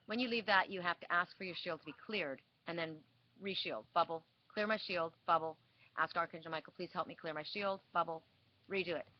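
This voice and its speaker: A woman's voice: fairly low pitch, brisk. A woman giving a weekly spiritual card reading, telling a story with many restarts and repeats. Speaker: oracle card reader. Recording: dull lo-fi sound with faint hiss.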